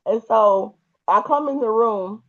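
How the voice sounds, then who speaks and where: Animated woman telling a story. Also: on the high side, measured pace. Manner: animated, laughs often, acts out the people in her story. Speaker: podcast host. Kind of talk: personal storytelling. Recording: muffled, dull audio.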